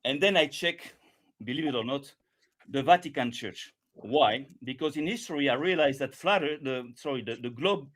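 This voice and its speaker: A man arguing as a guest in a heated live debate, halting and stammering, repeating words and talking over the others. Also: mid-range voice, lively intonation, fairly bright tone.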